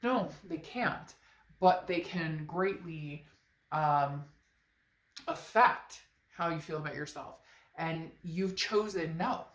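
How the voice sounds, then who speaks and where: A woman's voice: low-pitched, takes it slowly, echoey room. A woman with a stuffed-up nose giving a chatty, emphatic tarot reading straight to her viewers. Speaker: tarot reader.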